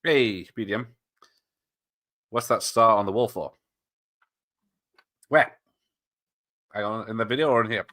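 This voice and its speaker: Man, bright voice, lowish, casual chat, laughs a lot. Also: unhurried, long pauses. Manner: chatty, laughs often, answers chat. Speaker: watch party streamer. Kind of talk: casual live commentary.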